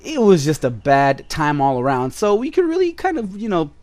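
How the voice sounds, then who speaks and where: A man's voice: fairly high pitch, big pitch swings, moderate pace, a little mellow. A man vlogging casually, telling stories in a flippant, rambling way with asides to his viewers. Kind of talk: casual storytelling to camera.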